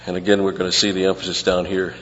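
Lower-voiced man preaching in a reverberant hall. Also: level tone, fast, fairly bright tone, dull audio. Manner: teaching verse by verse, explaining grammar, repeats phrases for emphasis. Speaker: pastor. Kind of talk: expository sermon.

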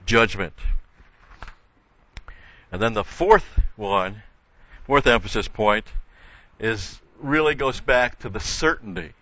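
An older man teaches a Bible study at an unhurried, deliberate pace, his low voice bright and forceful as he restates key points for emphasis. He explains carefully, often restarting mid-phrase. The recording is dull and lo-fi with a dry, close sound. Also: animated, no room sound. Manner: measured, explanatory, with frequent restarts and emphatic repetition.

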